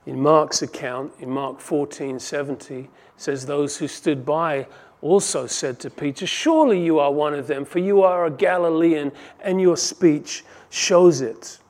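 Man preaching, kinda high voice with some gravel, goes from punchy to quiet. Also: unhurried. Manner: shifts from emphatic to hushed, reads scripture aloud. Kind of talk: expository sermon.

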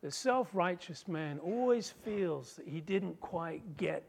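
A man preaching a sermon as pastor, telling the story slowly and emphatically with dramatic flair. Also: high voice, lively intonation, creaky, a little hiss or hum.

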